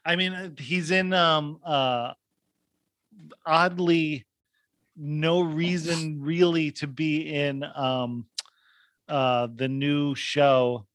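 A man's voice: a little high, steady tone, very slow, a bit bright, no room sound. A man co-hosting a podcast, chatting casually about films, rambling and searching for words with lots of fillers. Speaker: podcast co-host.

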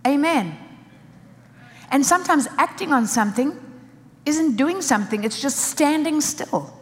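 A woman's voice: sits high, expressive, a little slow, in a large hall. A woman preaching a sermon with emphasis, driving points home in short repeated phrases.

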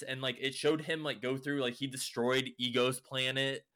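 A man's voice: medium pitch, fairly even intonation, normal speed, pushed and bright. A young man casually recapping a show, rambling with lots of fillers and swearing. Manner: rambling, heavy use of "like" and swearing.

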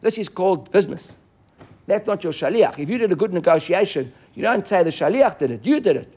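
A man teaching a Talmud class, animated and often restarting as he explains. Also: high-pitched, a little fast, slightly rough. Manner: animated, restarts often, mixes Hebrew and Aramaic terms.

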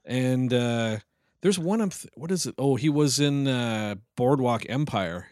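A man's voice: medium pitch, lively intonation, a little slow, darkish tone, no echo, studio quality. A man co-hosting a podcast, chatting casually about old movies, joking and teasing his co-host with frequent laughs.

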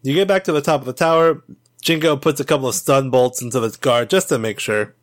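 A man narrating as game master of a tabletop role-playing game, talking casually and quickly. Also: medium pitch.

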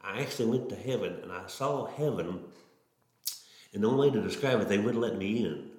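A man's voice: fairly low pitch, lively intonation, a little fast, a little mellow. Folksy preacher telling his testimony. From Oklahoma. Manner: folksy, earnest, repetitive starts. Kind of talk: testimony storytelling. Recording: roomy echo.

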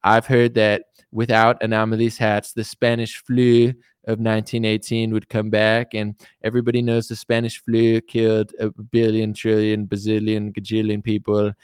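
A man putting on a vain, blustering president who rambles through endless exaggerated boasts. The voice is smooth and full, recorded dry and close with no room sound. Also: lowish voice, no echo, close to an everyday voice. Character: boastful male president impression, vain about hair.

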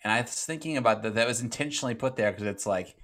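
A man co-hosting a podcast, musing in a relaxed way about details in a movie. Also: medium pitch, rapid-fire. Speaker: podcast co-host. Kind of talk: casual movie chat.

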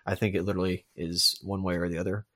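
A man's voice: low voice, flat delivery, fast talker, a bit bright, no room sound, clean studio sound. A man co-hosting a podcast, rambling and interrupting himself as he argues a point. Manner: rambling, self-interrupting, emphatic. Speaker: podcast co-host. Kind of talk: casual discussion.

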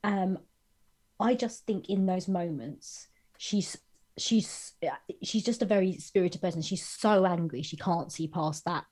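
A woman's voice: fairly low pitch, unhurried, a little mellow. A woman co-hosting a podcast, talking casually about a novel with many restarts. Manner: hesitant, lots of restarts. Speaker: book podcast co-host. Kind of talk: casual book discussion.

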